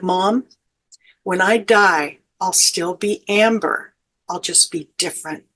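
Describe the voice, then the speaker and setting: A middle-aged woman with a slightly low voice, speaking as an interview guest. She tells a heartfelt personal story in an earnest, emotional way, with gentle fillers between her thoughts. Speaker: guest, grief educator and life coach.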